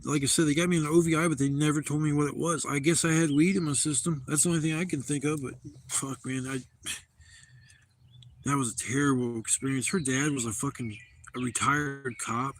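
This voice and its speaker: A man's voice: medium pitch, steady tone, brisk, slight background noise. Rambling, profane man telling a story. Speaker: livestream host. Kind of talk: casual storytelling on a livestream. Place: outdoor campsite.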